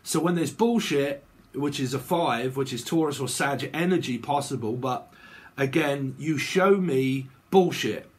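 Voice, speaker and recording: Husky man rambling through a tarot reading. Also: mid-range voice, unhurried. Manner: rambling, repeats "okay" and "right" often. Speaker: tarot reader. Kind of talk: casual tarot reading to camera.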